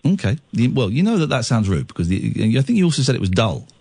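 A man's voice: medium pitch, sing-song, fast talker, gravelly, a little mellow, husky. A man hosting a late-night radio phone-in, teasing and arguing with his callers.

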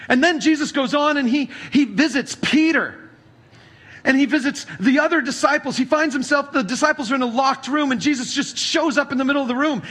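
A male pastor preaching a sermon, reading scripture aloud and then retelling it as a story, moving between hushed passages and emphatic ones. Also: very high-pitched, a little fast.

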